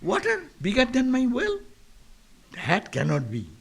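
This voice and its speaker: A man's voice: extremely high pitch, huge pitch swings, unhurried, vocal fry, pitched above the performer's own voice, exaggerated voice. Storybook figure: narrow-minded little well frog, incredulous, told by a male lecturer. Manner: incredulous questioning. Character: small boastful frog living in a well.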